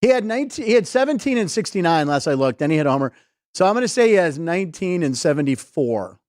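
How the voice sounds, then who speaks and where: Sports-comedy host, male, chatty and topic-hopping, higher voice with a dry studio sound. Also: sing-song, fast talker, darkish tone, no echo. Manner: chatty, jumps between topics, laughs often. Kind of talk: casual sports comedy chat. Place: live studio show.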